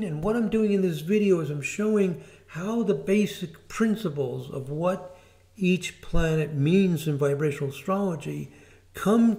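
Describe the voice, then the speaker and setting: A man teaches astrology in an informal video lesson, his voice a little high. He explains things in a relaxed way, with fillers and restarts.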